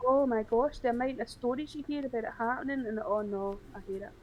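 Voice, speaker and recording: A woman chatting on a gaming podcast, emotional and animated as she tells stories. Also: a little high, fast talker, highs cut off, over a noisy crowd. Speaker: podcast guest. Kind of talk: casual chat.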